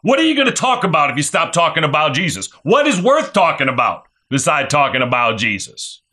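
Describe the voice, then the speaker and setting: Male pastor, middle-aged, preaching with fervor. Bright, animated delivery with lots of repetition. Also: on the high side, brisk. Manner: fervent preaching, repeats phrases, asks "right?". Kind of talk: sermon.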